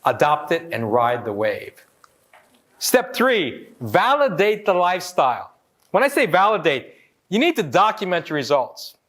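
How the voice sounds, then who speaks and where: A man in his forties from Hawaii giving a lively motivational talk, joking with the audience and acting out quotes. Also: on the high side, a little slow. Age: 40s. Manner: animated, joking, acts out quotes. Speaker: motivational speaker.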